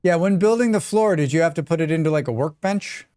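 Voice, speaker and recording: A man's voice: on the high side, fast, a little mellow, smooth. An American man chatting casually and joking with his chat while he plays a survival game on a live stream.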